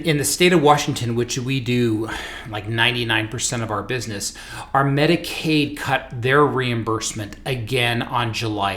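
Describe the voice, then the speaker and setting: A man's voice: mid-range voice, a bit bright. An American man hosting a podcast from his office, talking in an earnest, rambling, conversational way. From United States. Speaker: podcast host and business owner. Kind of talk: casual podcast chat.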